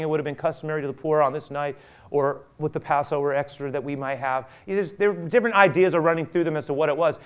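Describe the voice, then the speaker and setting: A man preaching a sermon, acting out scripture quotes and swinging from loud urgent peaks down to a hushed near-whisper. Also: on the high side, steady tone, fast talker, smooth. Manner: acts out quotes of biblical figures. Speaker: pastor.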